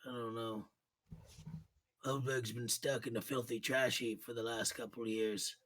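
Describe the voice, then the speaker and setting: A man voicing a small bird-man artificer who talks softly and kindly, with a self-deprecating edge. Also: medium pitch, fairly even intonation, moderate pace, lightly acted. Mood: wistful.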